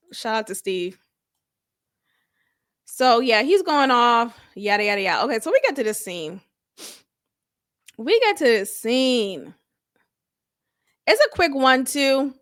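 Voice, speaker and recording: A woman chats through a TV episode recap at an easy, unhurried pace. Her voice is bright and a little high, and she talks in an animated, slangy way. She repeats her favorite lines for emphasis. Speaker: TV show reviewer. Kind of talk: casual recap chat.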